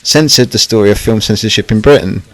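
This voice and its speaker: A man's voice: lowish voice, quick pace, no room sound, rough recording. Sardonic male documentary narrator, dry sound. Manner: sardonic, with catty asides.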